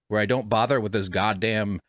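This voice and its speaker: A man's voice: fairly low pitch, steady tone, fairly quick, no echo. A man hosting a podcast from a home studio, talking in a rambling, self-deprecating way and swearing freely. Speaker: podcast host. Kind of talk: casual rambling chat. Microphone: studio microphone with headphones.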